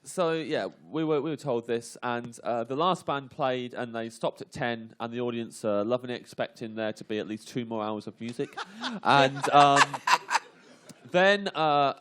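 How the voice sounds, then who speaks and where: A man's voice: medium pitch, moderate pace, very noisy. A male comedian telling a comic anecdote on a radio panel, laughing often and filling gaps with ums. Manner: laughs through the story, with lots of fillers. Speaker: comedian guest.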